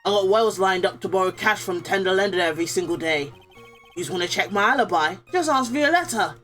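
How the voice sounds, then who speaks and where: A woman's voice: mid-range voice, expressive, a little fast, a bit bright, faint music behind, lightly acted. A woman playing a brash thuggish loan shark. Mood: menacing. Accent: Brooklyn attempt, sounds Australian. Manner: gruff, threatening street slang. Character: brash hot-headed male loan shark thug. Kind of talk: reading game dialogue aloud.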